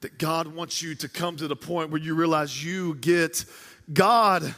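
A male preacher telling stories in a sermon with animated, casual slang. His voice is a little high and bright, with a forceful edge. It carries a long reverb from a large church hall. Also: normal speed.

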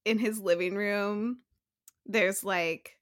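A woman's voice: mid-range voice, fairly even intonation, slow pace. A woman chatting casually as a co-host, full of fillers and frequent laughs. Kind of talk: casual chat about an anime.

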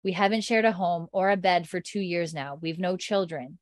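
A woman's voice: on the low side, normal speed, no echo, close to an everyday voice. A woman voicing a desperate young man in love who pleads earnestly.

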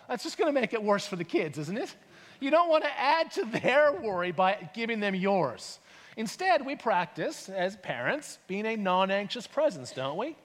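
A man's voice: high voice, very animated, moderate pace, a bit bright, big-room sound. A man preaching a sermon as pastor, talking conversationally and asking his listeners rhetorical questions. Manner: conversational, asks rhetorical questions, acts out voices.

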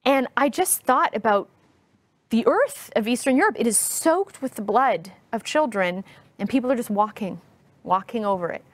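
A woman guest in her thirties, telling a personal story in an interview, earnest and heartfelt, speaking slowly and deliberately. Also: on the high side, animated, no echo.

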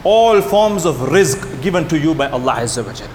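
A man preaching a sermon to his congregation, telling stories with lively delivery and acting out the people in them. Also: brisk. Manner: animated storytelling, voices the characters in anecdotes. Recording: echoey hall with faint rumble.

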